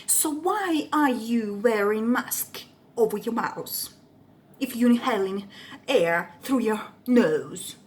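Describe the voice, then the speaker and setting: A nosy, preachy old woman lectures a stranger, as a woman mimics her in a story. She talks down to her listener in a condescending tone. Her pitch moves in a lively way as she lectures. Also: takes it slowly. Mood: lecturing.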